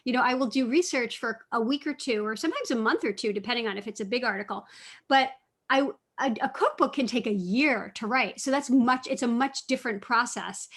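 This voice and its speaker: Middle-aged woman author, slightly high voice, chatty and self-correcting, casual talk with kids. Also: fairly quick, fairly bright tone. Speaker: cookbook author and food writer. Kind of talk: casual talk answering students' questions.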